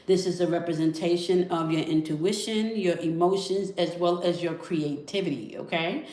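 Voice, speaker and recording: Calm woman with a low, echoey voice. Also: moderate pace. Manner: calm, coaxing, ends phrases with "okay?". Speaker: spiritual reader. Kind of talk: guided energy check-in. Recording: echoey room.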